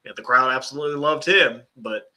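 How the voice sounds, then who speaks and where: A man's voice: medium pitch, a little fast, crowd noise. A young man co-hosting a wrestling podcast, talking in a loose, joking way that often trails off and restarts. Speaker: podcast co-host. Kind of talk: casual chat.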